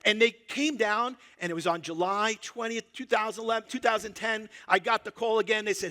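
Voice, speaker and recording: A middle-aged man with a New York accent works a live audience as a motivational speaker. His voice sits high and bright, with a sharp, forceful edge. He drops to hushed asides and then comes back loud for the punchlines. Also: brisk, hardly any pauses. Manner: animated, big swings between loud punchlines and hushed asides; quotes people in his own voice, addresses the crowd directly. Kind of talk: live keynote storytelling to an audience. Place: stage before a live audience.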